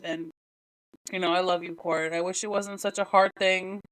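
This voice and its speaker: A woman hosting a podcast, talking alone in a halting, emotional way with many restarts, close to tears. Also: fairly low pitch, steady tone, a bit bright, rough recording. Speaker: podcast host. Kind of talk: solo podcast talk.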